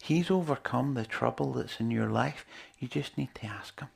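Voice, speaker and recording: A man's voice: mid-range voice, normal speed, vocal fry, a little mellow, breathy edge. A man preaching a sermon in an earnest, conversational way, with lots of rhetorical questions to his listeners.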